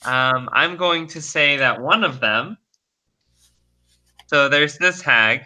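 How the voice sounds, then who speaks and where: A man running a tabletop game as game master, narrating haltingly with many pauses. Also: on the high side, pushed and bright, poor audio. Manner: halting, with many ums and uhs.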